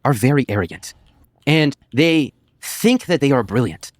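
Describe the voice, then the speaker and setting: A man's voice: mid-range voice, lively intonation, normal speed, no echo, studio quality. An American man ranting on a casual podcast, exaggerated and swearing, saying "bro" a lot. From United States. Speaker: podcast guest.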